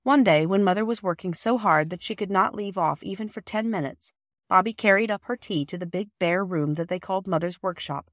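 A woman narrator reading a classic children's novel in a measured, expressive manner. Her voice sits at a medium pitch and is close to the mic, with a dry, roomless sound. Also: no echo. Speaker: audiobook narrator. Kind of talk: scripted storybook narration.

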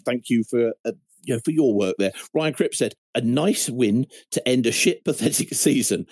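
A man's voice: medium pitch, a little mellow, no echo. Wry man reading out fan comments. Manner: wry, chatty, self-interrupting, reads comments aloud with dry asides. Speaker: fan podcast host reading listener messages. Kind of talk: casual chat.

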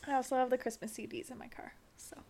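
A woman's voice: sits high, level tone, quick pace, darkish tone. A woman co-hosting a book podcast in casual chat, giggly and full of playful asides.

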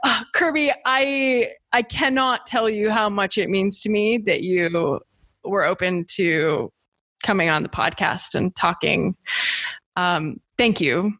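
A woman's voice: medium pitch, slow, fairly bright tone. A woman hosting a podcast, chatting casually and affectionately with her guest. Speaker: podcast host. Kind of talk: casual interview chat.

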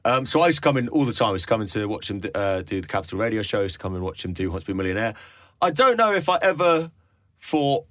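Man, late 20s, radio presenter guest; quick, lower-pitched, jokey anecdotes, dry close mic. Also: dry recording. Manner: jokey, animated storytelling. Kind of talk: casual interview chat. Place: London.

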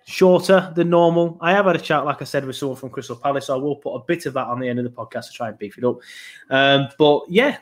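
A man hosting a football podcast in loose, rambling chat. His voice sits a little high for a man, and his talk is full of fillers and restarts. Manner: chatty, rambling, lots of fillers. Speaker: podcast host.

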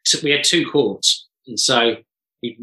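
A man, a drummer telling stories in an animated, casual chat and swearing freely. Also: mid-range voice, measured pace, poor audio. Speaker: drummer guest.

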